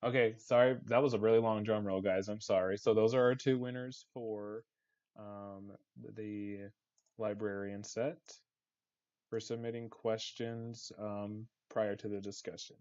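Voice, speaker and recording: A man hosting an online game community meeting and announcing raffle winners in a flat, monotone voice. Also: on the low side, measured pace, lo-fi sound. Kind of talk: casual live raffle announcing.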